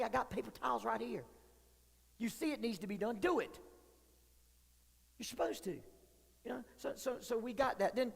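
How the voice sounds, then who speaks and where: A man's voice: very high-pitched, creaky. A man preaching as a youth pastor, joking and candid with the young crowd. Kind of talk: sermon. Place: church hall. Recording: long hall reverb.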